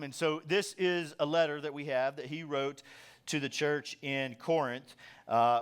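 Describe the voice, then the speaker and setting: A man's voice: a little high, a bit bright. Joking, conversational man preaching a sermon. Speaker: pastor.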